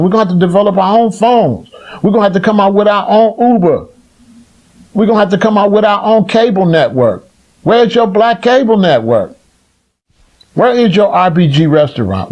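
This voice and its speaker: A man lectures his listeners in a fiery, preaching rant. His voice sits a little higher than most men's and climbs into loud, near-shouted rhetorical questions. His talk is blunt and profane and keeps hammering the same phrases. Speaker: community elder speaking on a livestream.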